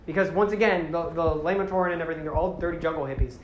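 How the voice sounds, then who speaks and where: A man casually retells a long story, rambling with filler words and tossing in jokes and swearing. His voice sits slightly high. The room echoes, and a faint hiss runs underneath. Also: very fast, hardly any pauses, muffled recording. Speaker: host.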